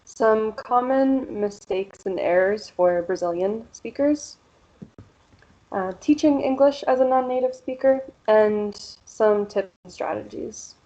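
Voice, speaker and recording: A woman from Central Pennsylvania with a local American accent, giving a pronunciation workshop in a measured, explanatory way with frequent "um" and "so". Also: a little high, dark tone, highs cut off. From Central Pennsylvania, USA. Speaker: workshop presenter.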